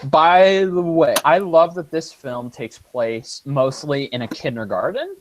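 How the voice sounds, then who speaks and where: A podcast co-host in casual chat, excitable and quick to exclaim. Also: medium pitch, slight background noise.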